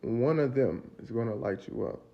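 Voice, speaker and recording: A man from Virginia telling his survival story in an interview, casual and animated, acting out the dialogue and repeating phrases for emphasis. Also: medium pitch, moderate pace, creaky, lo-fi sound. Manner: animated, acts out the dialogue and sounds.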